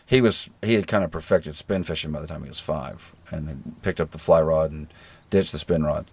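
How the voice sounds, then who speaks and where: A middle-aged man with a generic American accent, a guest in a relaxed interview, telling stories in an easygoing, self-deprecating way. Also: very deep voice, fairly quick, breathy edge. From rural Georgia, American South. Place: living in New Zealand.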